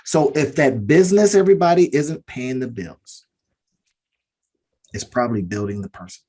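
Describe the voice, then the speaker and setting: A man on a business podcast talks in an earnest, sermon-like way, circling back to his key lines again and again. His voice is husky and a little rough, sitting at an ordinary middle pitch. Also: moderate pace, mellow. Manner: earnest, preachy, repeats key phrases. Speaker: podcast co-host. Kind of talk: motivational business talk.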